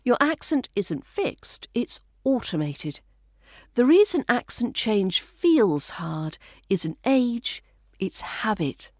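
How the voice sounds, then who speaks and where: A woman with a British RP accent, giving a calm, measured, scripted podcast lesson as an accent coach. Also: mid-range voice, dry recording, studio quality.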